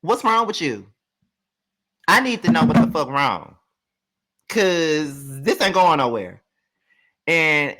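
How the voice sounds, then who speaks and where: A man delivers a casual, ranting reality show recap. His voice sits a bit high and comes across bright and tense. He talks with sassy, profane emphasis. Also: animated, a little slow, pauses often. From Mississippi, US.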